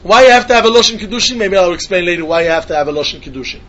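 Fast-talking male Talmud teacher, singsong back-and-forth reasoning. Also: sits high, lively intonation, a bit bright. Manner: sing-song questioning, repeats phrases, mixes Yiddish and Hebrew terms. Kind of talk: yeshiva-style Talmud lesson.

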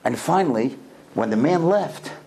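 A man in the middle of an animated storytelling talk. His voice sits fairly high and swings widely up and down. He often stumbles over and repeats his opening words as he builds a story. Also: normal speed. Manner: animated, repeats words when starting sentences. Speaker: speaker telling religious stories.

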